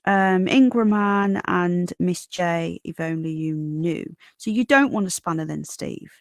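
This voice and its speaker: Speaking a little slowly in a lowish voice, this Northern English woman runs a relaxed livestream and sounds weary. She reads chat, welcomes people by name, and calls them darling or sweetheart. There's no echo, just clean studio audio.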